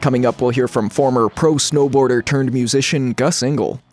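A man's voice: mid-range voice, normal speed. Radio arts host guy, mid voice, faint music underneath. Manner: smooth read intros, relaxed casual questions. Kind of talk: scripted radio intro and interview. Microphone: studio microphone.

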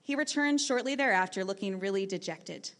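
A woman teacher telling a lively story from her classroom to an audience, acting out the voices of the people in it. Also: medium pitch, a little fast. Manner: lively, animated storytelling with acted quotes.

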